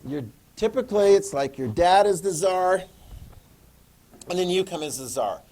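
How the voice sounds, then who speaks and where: A man teaching a history class, lecturing in an animated way, joking and asking students questions. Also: high-pitched, normal speed, poor audio. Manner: animated, talks to students, jokes and asks questions.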